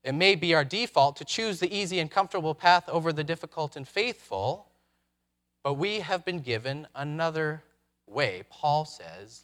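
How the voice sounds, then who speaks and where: A man's voice: on the high side, expressive, a bit bright. Reflective male pastor preaching. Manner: reflective, with dramatic pauses and rhetorical questions. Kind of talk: sermon.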